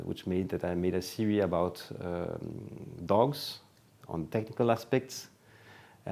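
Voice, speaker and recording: Slow, deep-voiced man hosting his channel. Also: vocal fry, a little mellow. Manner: measured, listing names one by one with pauses and fillers. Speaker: channel host. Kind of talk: video introduction to a best-of.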